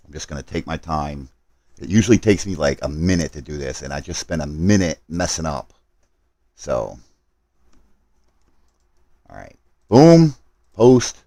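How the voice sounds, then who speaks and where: A man's voice: very deep voice, sing-song, a little slow, pauses often, warm tone, dry recording. A man live streaming a game, talking to his chat while he hurries through setup and apologizes for his mistakes.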